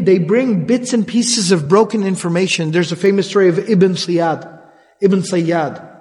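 A man with a high voice tells a religious story in a casual, chatty manner, with fast stretches of Arabic recitation. His voice carries a long hall reverb. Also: darkish tone. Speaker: religious lecturer. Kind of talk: conversational Islamic storytelling lecture.

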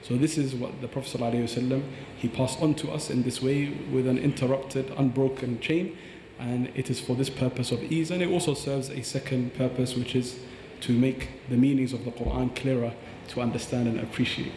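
A fast-talking man with a mellow voice explains recitation like a patient teacher, slipping into recited Arabic phrases. He sounds roomy, with a long reverb trailing his words in a large hall. Faint ambience sits behind him. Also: mid-range voice, steady tone, a little hiss or hum. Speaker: Quran teacher. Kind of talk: podcast explanation.

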